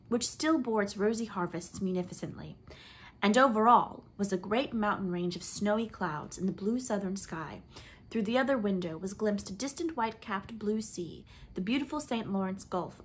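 A woman reading a classic novel aloud, with an expressive, lilting delivery and swelling emphasis. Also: mid-range voice, breathy edge. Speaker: audiobook reader.

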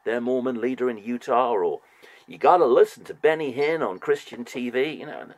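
A man hosting a heated religious debate, insistent and animated, repeatedly pressing for proof and mocking long-winded answers. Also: mid-range voice, normal speed, no room sound. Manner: mocking repetition. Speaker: show host debating a Jehovah's Witness by phone.

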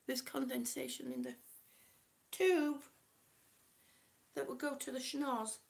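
A woman's voice: high-pitched, level tone, takes it slowly, vocal fry. A woman from Kansas on oxygen, chatting casually to her live-stream viewers, short of breath and greeting them by name. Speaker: vlogger reading live chat.

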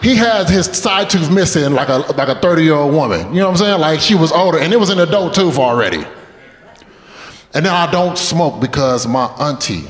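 A man working a stand-up comedy set in a club, his voice sitting a little high for a man. He tells stories with plenty of animation and jumps into a squeaky, panicked voice for the people in them. The hall around him is roomy and leaves a long tail of reverb on every line. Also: a little fast. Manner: animated storytelling, acts out panicked friend in high voice.

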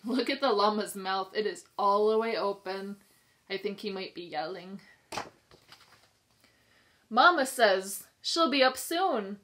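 A woman pre-K teacher reading a picture book aloud to young children, sing-song and expressive, pausing to ask them questions. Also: mid-range voice. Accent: New York. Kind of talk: children's storybook read-aloud.

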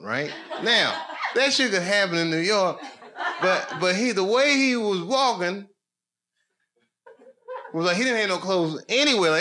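This noisy live recording from a comedy club captures a man rambling through loose stand-up stories. His delivery swings between quiet mutters and loud, excited outbursts.

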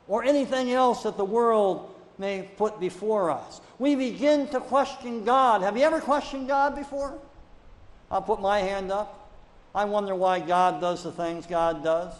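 A male pastor gives a sermon in a lively preaching manner, often climbing into loud, pressing rhetorical questions. His voice sits high for a man. The sound carries the long reverb of a church sanctuary.

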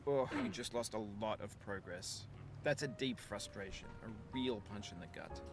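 A man narrating a video game in a measured, thoughtful voice-over, reflecting calmly on climbing and failure. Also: lowish voice, close to an everyday voice. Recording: game narration with music behind.

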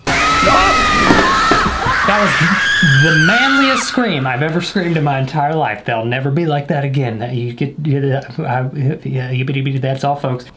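A man's voice: mid-range voice, expressive, normal speed, hardly any pauses, very noisy. A young man casually commenting while playing a horror game, joking with the game and his viewers and sometimes dropping to a whisper. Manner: jokey, talks to the game and viewers, whispers when scared. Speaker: gaming YouTuber.

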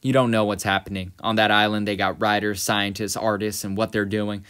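A man's voice: lowish voice, level tone, fairly quick, fairly bright tone, clean tone, natural voice. Man reading as the Comedian, bitter and drunk. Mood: despairing. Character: bitter, drunken aging male vigilante breaking down.

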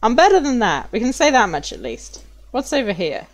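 A woman's voice: fairly high pitch, wildly swooping pitch, a little fast. A young woman from London with a British accent, chatting expressively while live-streaming a game.

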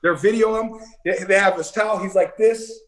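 A man's voice: high voice, moderate pace. A middle-aged man, a former ballplayer, telling stories in a casual interview and acting out other people's lines. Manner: animated storyteller who acts out other people's lines.

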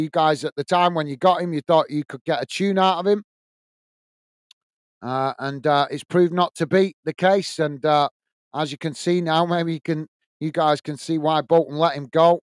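A man's voice: on the high side, no room sound. A man hosting a football watch-along, giving live commentary and chatting with viewers, full of fillers and restarts.

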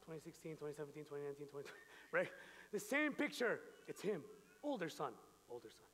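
A man preaching a sermon, animated storytelling and joking with the congregation. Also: fairly high pitch, fast, in a large hall. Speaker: pastor. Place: church.

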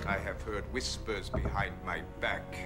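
An actor playing a grandiose evil overlord who speaks theatrically to his followers on a low-budget kids' TV show. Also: steady tone, unhurried, close to an everyday voice. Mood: menacing. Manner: pompous, theatrical villain speeches. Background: show music.

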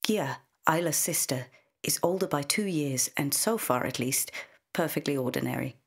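A woman narrates a short story in a measured, intimate way. Her voice sits low and carries a husky, breathy edge. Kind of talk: scripted narration.

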